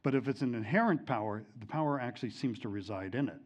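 A man's voice: medium pitch, lively intonation, fast, darkish tone, dull audio. A middle-aged man teaching a Bible lesson, telling a personal story in a conversational way with many fillers and restarts, at times emotional.

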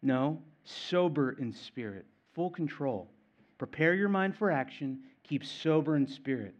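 A man's voice: a little high, expressive, a little slow. Emphatic male preacher, muffled sound. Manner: emphatic, repeats key phrases, swings loud and quiet. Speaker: pastor. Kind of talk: sermon.

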